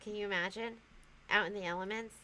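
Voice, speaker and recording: A woman's voice: mid-range voice, fairly even intonation, quick pace, pushed and bright, a little hiss or hum, rough recording. A woman hosting a casual livestream, chatting loosely and reading viewer comments aloud, often trailing off and restarting. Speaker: livestream host.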